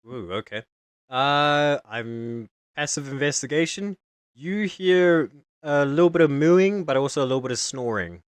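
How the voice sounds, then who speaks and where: A young man running a tabletop game, narrating in a laid-back way with fillers. His voice sits slightly high. The recording is dry and close. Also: animated, unhurried, smooth, no echo. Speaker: game master.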